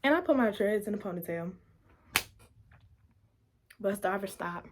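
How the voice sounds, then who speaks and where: A young adult woman vlogger telling a story in a casual, animated way, laughing often and acting out the quotes. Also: mid-range voice, a little slow, long pauses, noisy background.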